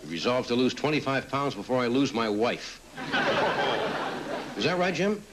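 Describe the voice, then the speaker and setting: Big pitch swings mark this middle-aged man's mid-range voice as he hosts a late-night talk show at a moderate pace, reading audience cards and teasing them wryly. The old, low-quality broadcast carries a faint crowd and a loud studio audience laughing.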